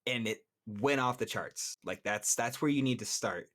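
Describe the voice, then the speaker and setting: Podcast co-host, male, mid-pitched, talks through game mechanics at length in a casual way. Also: moderate pace, a bit bright. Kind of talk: casual chat.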